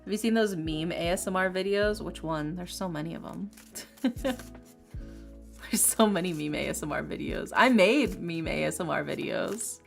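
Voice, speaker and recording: A woman's voice: fairly low pitch, a little slow, vocal fry. Chatty, opinionated woman streamer. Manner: animated, opinionated, laughs often, emphatic. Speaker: streamer, ASMR creator. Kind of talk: casual chat on a livestream. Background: faint lofi music.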